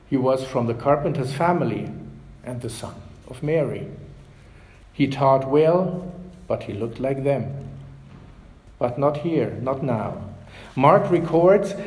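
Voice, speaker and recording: Pastor guy giving a measured sermon, warm low tone, trails off soft at phrase ends. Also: reverberant, low-quality recording. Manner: measured preaching, drops softly at phrase ends.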